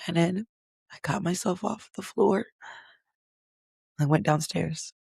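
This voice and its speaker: A woman's voice: fairly low pitch, slow, vocal fry, darkish tone, husky, dry recording, studio quality. A young adult woman hosting a podcast, telling a personal story in a candid, conversational way with frequent fillers and the odd swear word. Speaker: podcast host.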